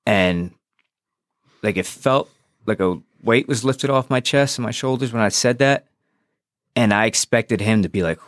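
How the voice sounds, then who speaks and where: A man with a low voice tells his story frankly and without polish, swearing and re-enacting old conversations. The sound is close and dry, with no room around it. He sounds like a guest speaking openly on a podcast. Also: normal speed, no room sound. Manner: frank and profane, re-enacts dialogue. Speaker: podcast guest, former police officer. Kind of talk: candid personal storytelling.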